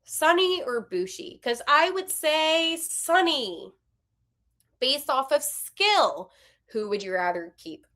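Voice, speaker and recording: A woman in her twenties hosting a hockey podcast, giving candid, animated opinions with quick asides. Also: high-pitched. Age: 20s. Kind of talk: casual opinionated commentary.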